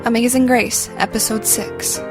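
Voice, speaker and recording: A woman reading an audiobook in a measured, even storytelling voice, close to a studio mic. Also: on the high side, loud music behind the voice. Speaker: audiobook narrator. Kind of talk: scripted audiobook narration.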